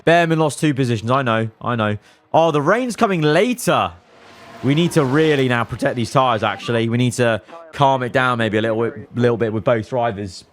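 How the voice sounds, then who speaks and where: A man commentating his own racing management game, cheering on his drivers and swinging between calm analysis and elated outbursts. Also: medium pitch, normal speed. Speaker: gaming YouTuber.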